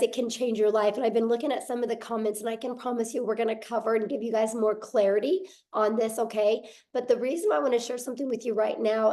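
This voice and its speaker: A woman hosting an online webinar, giving an upbeat sales pitch and addressing viewers directly. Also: mellow. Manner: upbeat, keeps saying "you guys". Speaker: webinar host.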